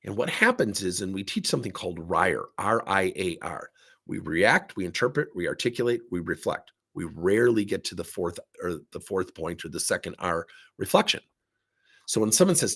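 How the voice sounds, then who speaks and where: Speaking a little fast in a low, creaky, husky voice, this middle-aged workplace coaching consultant addresses the camera. His storytelling is lively, and he performs the quoted voices of the characters in his anecdotes.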